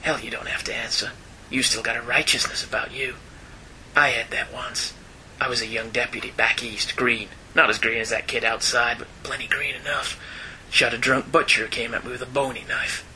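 Man playing a tired old Western gunfighter, low hushed drawl, grim. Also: level tone, moderate pace, slight background noise, rough recording. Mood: weary, grim. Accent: Western American. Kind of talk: dramatic reading.

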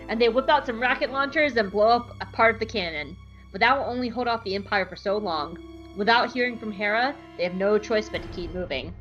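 A woman's voice: medium pitch, expressive, brisk, fairly bright tone, muffled recording, faint music behind. A young woman hosting a podcast, chatting casually and giggly through an episode recap. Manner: chatty, giggly, lots of fillers. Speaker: podcast host.

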